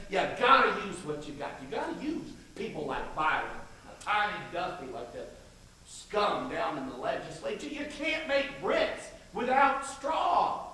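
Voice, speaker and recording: An actor playing a brash, domineering state governor, swaggering and coarse, on an echoey stage recorded from afar. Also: male voice, sits high, sharp tone, heavily acted. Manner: swaggering, boisterous, coarse and persuasive. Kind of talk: stage play acting. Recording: echoey stage miked from far, faint noise.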